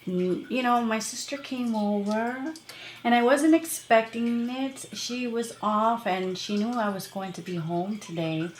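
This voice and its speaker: A woman's voice: on the high side, a little slow, echoey room, slight background noise. A woman tarot reader talking casually to her viewers, rambling and chatty, with many fillers and laughs. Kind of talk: casual tarot reading to camera.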